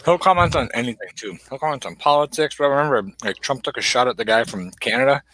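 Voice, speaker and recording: A man's voice: medium pitch, animated, fast, fairly bright tone, dry recording, low-quality recording. A man hosting a casual chat, telling loose stories with plenty of swearing and laughter.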